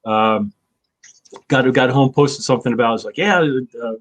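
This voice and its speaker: A man's voice: medium pitch, fairly even intonation, normal speed. Rambling, swearing man in his fifties. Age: 50s. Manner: rambling, profane, with many fillers. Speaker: show host. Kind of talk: casual chat.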